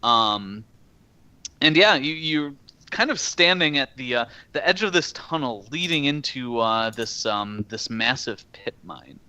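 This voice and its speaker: Bright-voiced man running a tabletop game. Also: medium pitch, expressive, unhurried, clean tone, no room sound. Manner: hesitant, many fillers. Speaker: game master.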